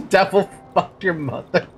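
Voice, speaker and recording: A woman's voice: fairly low pitch, slow, faint music behind. A woman streaming a game, reading its text aloud and joking between lines with giggly, self-deprecating asides. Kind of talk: casual live-stream commentary.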